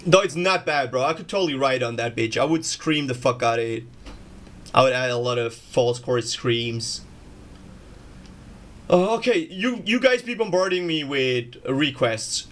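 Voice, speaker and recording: A man with a medium-pitched, slightly bright voice chats casually on a music production livestream. He's slangy, swears freely and calls everyone "bro" a lot.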